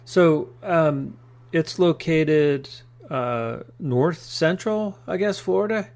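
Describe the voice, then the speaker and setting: A man's voice: a little high, takes it slowly, darkish tone. A man hosting a casual podcast interview, mostly giving short encouraging responses and asking questions. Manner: brief encouraging backchannels. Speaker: podcast host.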